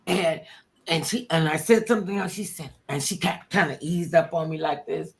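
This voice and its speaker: An older woman tells stories in casual conversation. She acts out quotes, jumping from loud bursts to hushed whispers. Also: low voice, moderate pace. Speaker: former talk show host telling stories. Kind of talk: casual storytelling interview.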